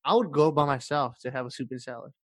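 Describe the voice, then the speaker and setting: A young man from California, a podcast guest telling stories in animated casual chat. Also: mid-range voice, fast talker, no echo, clean studio sound.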